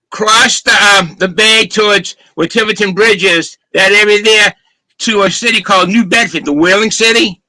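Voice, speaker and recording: A man hosting a casual online chat show, telling a family story with fillers and pauses over a video call. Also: high voice, bright, forceful tone, dry recording, poor audio. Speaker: host. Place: home, live video chat.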